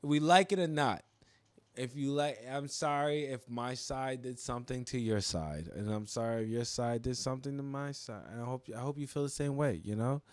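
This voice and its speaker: A man hosting a podcast, talking in an animated, profane way and laughing often. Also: medium pitch, normal speed, no room sound. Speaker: podcast host. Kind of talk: casual podcast chat.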